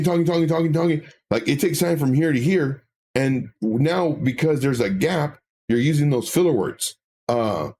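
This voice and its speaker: A man's voice: medium pitch, darkish tone. A man co-hosting a live stream, reading viewer comments and talking candidly, with many fillers and self-corrections.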